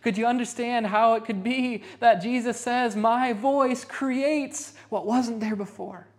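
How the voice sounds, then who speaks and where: A woman pastor delivering a Sunday sermon in a rehearsal hall, repeating phrases and slowing down to stress key lines. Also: on the high side. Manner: emphatic repetition, slowing for stress.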